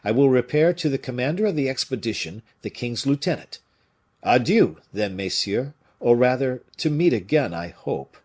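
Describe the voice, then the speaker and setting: A man voicing an earnest, agitated young army officer, pitched higher than his own voice. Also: animated, moderate pace, a little mellow, close to an everyday voice.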